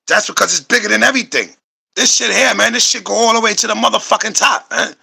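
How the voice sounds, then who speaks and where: A man's voice: sits high, fast talker, gravelly, bright, forceful tone, husky. A man hosting a podcast, reacting to clips with profane, repetitive, rhetorical commentary. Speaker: podcast host reacting to videos.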